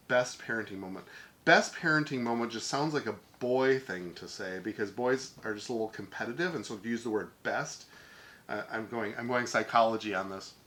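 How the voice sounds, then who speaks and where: A middle-aged man hosting a podcast, thinking aloud calmly about parenting with frequent ums and restarts. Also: medium pitch. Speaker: podcast host. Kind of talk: spontaneous personal reflection.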